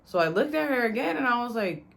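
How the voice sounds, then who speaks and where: A woman's voice: a little high, sing-song, fast, creaky, a bit bright. A young woman vlogger telling a personal story in a casual, slangy way, cursing freely and addressing the viewer directly. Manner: slangy, profane, talks straight to the viewer.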